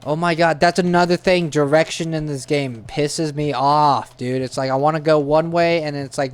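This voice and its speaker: A man's voice: on the high side, fairly even intonation, moderate pace, hardly any pauses, smooth. A young man giving casual gameplay commentary, tense and swearing, with sudden jumpy outbursts. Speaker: gaming channel host.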